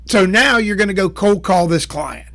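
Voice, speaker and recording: A man's voice: sits high, expressive, measured pace, gravelly, a bit bright. A man teaching sales in a plain-spoken, folksy way, walking through steps and acting out short exchanges. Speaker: sales trainer. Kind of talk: instructional talk to camera.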